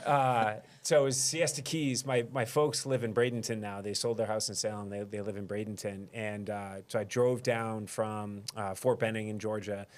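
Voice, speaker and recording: A man in his thirties, a mayor sitting as a guest, tells a personal story in a loose, conversational way. He pokes fun at himself and laughs easily. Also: on the low side. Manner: self-deprecating, laughs often. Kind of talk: casual interview storytelling.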